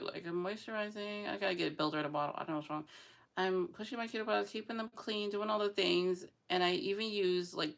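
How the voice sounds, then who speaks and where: A woman's voice: fairly low pitch, gravelly. A young adult woman chatting casually in a rambling, emotional vlog, sometimes laughing through tears. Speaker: vlogger. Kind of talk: casual chat.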